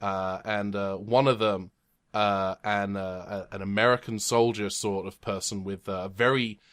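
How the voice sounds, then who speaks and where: A man's voice: lowish voice, flat delivery, measured pace, a bit bright. A man running a tabletop game as game master, narrating in a dry, wry way with many fillers, recorded remotely. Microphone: remote home mic.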